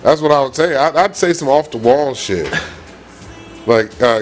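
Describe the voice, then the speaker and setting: A man's voice: medium pitch, expressive, moderate pace, pauses often, soft background music. A man chiming in on a podcast with crude, joking one-liners and laughing often. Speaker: podcast co-host. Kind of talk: casual chat.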